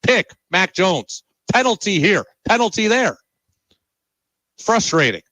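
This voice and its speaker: A man's voice: high voice, expressive, moderate pace, bright, forceful tone, no echo, rough recording. A man hosting sports talk radio, exasperated and emphatic, hammering his points home with repeated rhetorical questions.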